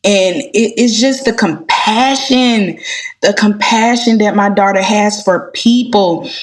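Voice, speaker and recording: A woman, a gospel singer, chatting as a guest and telling heartfelt stories with animated delivery. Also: medium pitch, slow. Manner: animated, heartfelt storyteller, addresses listeners as y'all. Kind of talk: casual interview chat.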